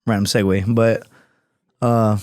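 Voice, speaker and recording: A man's voice: on the low side, flat delivery, slow pace, a little mellow, clear, resonant tone, dry recording, clean studio sound. A man, a former Marine telling war stories on a podcast in a rambling, profane, casual way. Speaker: podcast guest, former Marine scout sniper and comedian. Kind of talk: casual storytelling chat.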